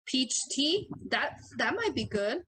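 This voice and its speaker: Female podcast co-host, bright and slightly high voice, casual and cussing. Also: sing-song, takes it slowly, slightly rough, low-quality recording. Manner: profane and laughing, loose and chatty. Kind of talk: casual chat.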